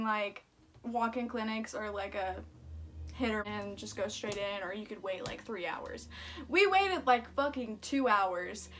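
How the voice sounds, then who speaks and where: Slightly high-voiced woman telling a storytime. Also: fairly bright tone. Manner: chatty, swears often, heavy use of "like". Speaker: vlogger. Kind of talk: casual storytime vlog.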